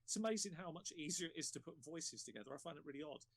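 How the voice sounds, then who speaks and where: A man hosting a casual panel chat about running games, talking in an encouraging, unhurried way. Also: a little high, lively intonation, no room sound. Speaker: panel host.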